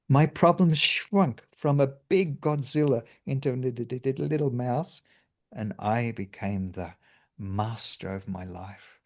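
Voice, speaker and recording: A man's voice: mid-range voice, darkish tone. A man, a meditation teacher giving a cheerful spiritual talk and laughing often.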